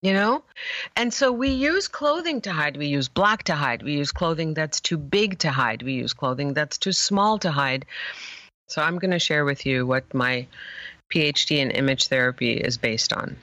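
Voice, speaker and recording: Low-voiced woman, lively storyteller. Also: moderate pace, dry recording. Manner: animated storyteller, acts out quoted voices. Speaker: image therapist. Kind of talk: conversational interview storytelling.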